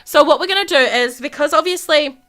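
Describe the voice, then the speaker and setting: Here a young woman in a high, sharp voice talks a little fast as she hosts a gaming video about a life-sim game. It's excited let's-play commentary, dramatic and gasping, with lots of repetition and the characters' arguments played out in her own voice.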